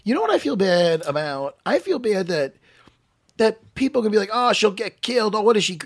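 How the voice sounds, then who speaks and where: A man co-hosting a casual podcast, playful and excitable, breaking down fight technique. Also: high voice, a little fast, breathy edge. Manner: playful, excitable, talks through martial arts technique. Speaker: podcast co-host.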